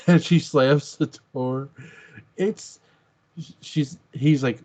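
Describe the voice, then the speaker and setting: A man's voice: medium pitch, expressive, takes it slowly, long pauses, darkish tone. A man co-hosting a podcast, chatting casually and enthusiastically about a film and quoting its lines. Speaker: podcast co-host. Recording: dull lo-fi sound.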